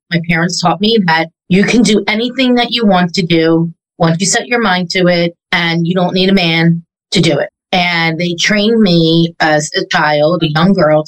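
A woman real estate agent talking as an interview guest, animated and quick to rattle off lists of questions. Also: fairly low pitch, rough recording. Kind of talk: casual interview talk.

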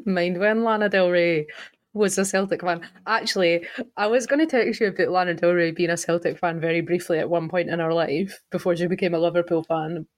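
A woman's voice: lowish voice, fairly even intonation, brisk. A woman co-hosting a podcast, chatting casually, joking and laughing often. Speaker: podcast co-host. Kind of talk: casual chat.

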